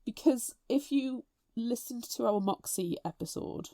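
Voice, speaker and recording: A woman's voice: a little high, lively intonation, unhurried, warm tone, no echo, studio quality. A woman co-hosting a book podcast, chatty and blunt, laughing often. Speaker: podcast co-host. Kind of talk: casual chat.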